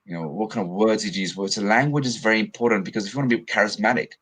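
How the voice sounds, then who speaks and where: A man's voice: fairly low pitch, very fast, fairly bright tone, breathy edge, rough recording. A male coach, a guest on a webinar, explaining ideas earnestly on a video call and often restarting phrases.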